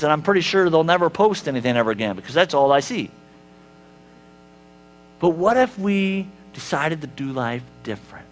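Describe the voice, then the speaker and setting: Man, pastor, sermon, high voice, chatty rhetorical questions, wry humor, faint music behind. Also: fairly bright tone. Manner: conversational, asks the congregation rhetorical questions. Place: church sanctuary.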